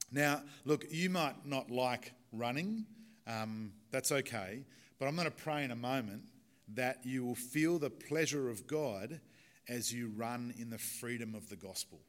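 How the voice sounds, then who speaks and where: A man's voice: mid-range voice, unhurried. Man preaching a chatty sermon. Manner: chatty and warm-hearted, with fillers and small laughs. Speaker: pastor. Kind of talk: sermon with closing prayer.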